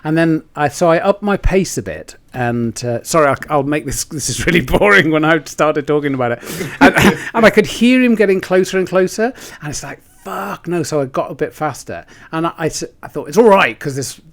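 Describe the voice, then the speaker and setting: A man's voice: fairly high pitch, expressive, fairly quick, a bit bright. A man, co-hosting a podcast and telling a rambling, self-deprecating story with laughs mixed in. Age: 60s. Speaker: podcast co-host. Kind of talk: casual chat.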